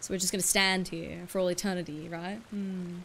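A woman's voice: fairly low pitch, fairly even intonation, fairly quick, vocal fry, fairly bright tone, a little hiss or hum. A woman livestreaming a video game, chatting casually and swearing freely as she answers her viewers. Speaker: streamer.

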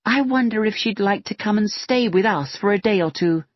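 A man voicing a lively, outspoken young woman with a bright, pointed delivery. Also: sits high, normal speed, no echo, highs cut off, pitched above the performer's own voice.

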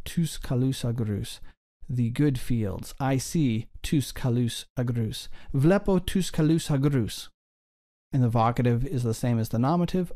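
A man with a mellow, darker voice at an ordinary middle pitch, teaching a recorded grammar lesson. He explains patiently and slows right down whenever he sounds out a form. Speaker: Greek teacher.

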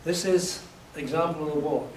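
A man from England lectures a class, his somewhat raised voice slightly hoarse as he acts out his examples with lively storytelling. He is picked up from a distance in a reverberant hall, with a faint hum of room noise underneath. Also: fairly high pitch, brisk. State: voice a little hoarse. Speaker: university lecturer.

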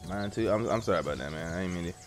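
With a low pitch and rapid-fire delivery, a gaming streamer gives casual commentary over game music. He's jumpy and easily startled, swearing and laughing at each scare, and uses slang with his viewers, calling them bro and y'all.

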